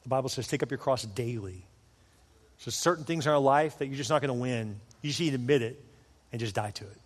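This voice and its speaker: A man preaching a sermon, retelling stories with lively acted-out voices and direct questions to the congregation. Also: mid-range voice, fast, in a large hall. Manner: animated storyteller, acts out characters with voices. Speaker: pastor.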